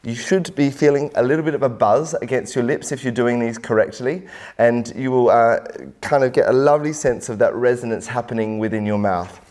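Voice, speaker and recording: A man working as a vocal coach, calmly explaining and demonstrating a singing warm-up in an instructional lesson. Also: mid-range voice, a little fast. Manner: calm, encouraging explanations with sung demonstrations.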